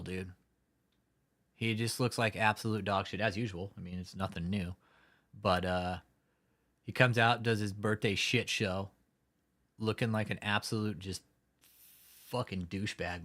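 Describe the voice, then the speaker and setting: A man's voice: fairly low pitch, unhurried, long pauses, fairly bright tone. Profane, laughing livestream host man. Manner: profane, mocking, laughs often. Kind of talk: casual livestream chat reading viewer comments.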